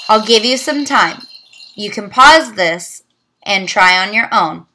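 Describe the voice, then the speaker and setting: Woman teacher, young adult, phonics lesson, very slow, lively pitch. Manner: slow, sounding out words.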